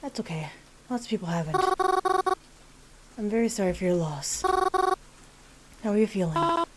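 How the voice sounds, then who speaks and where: A woman voicing a calm, kind young woman who comforts a mourner in a reassuring tone. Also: mid-range voice, normal speed, slight background noise, close to an everyday voice, poor audio.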